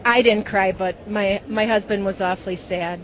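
A woman's voice: medium pitch, steady tone, normal speed. A middle-aged woman with a Wisconsin accent, a football fan giving short, friendly answers to a roaming interviewer. The audio is dull and lo-fi. A faint hum of noise sits behind her. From Fond du Lac, Wisconsin.

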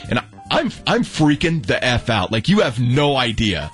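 A young adult man tells a long story in casual chat, animated and acting out every quote, stumbling over restarts. His voice sits at a middling pitch. Faint music plays behind him. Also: moderate pace. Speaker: storyteller guest.

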